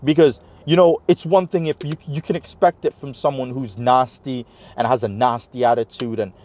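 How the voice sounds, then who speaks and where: Here a New Yorker is a guest on an interview, recounting something that happened to him with real animation. He acts out what people said and leans on plenty of fillers, all at medium pitch and normal speed.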